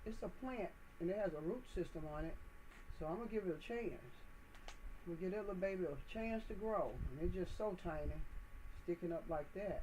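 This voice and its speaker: A woman's voice: on the high side, darkish tone, a little hiss or hum, rough recording. A woman hosting a gardening channel, talking viewers through potting plants indoors in a chatty, folksy, encouraging way. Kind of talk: casual how-to demonstration.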